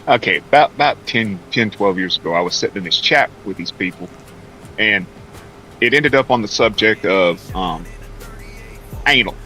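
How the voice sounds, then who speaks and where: Bright-voiced man telling a story. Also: on the low side, normal speed, long pauses, soft background music, low-quality recording. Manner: animated storyteller, swears freely. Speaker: guest on a game stream. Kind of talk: casual gaming chat storytelling.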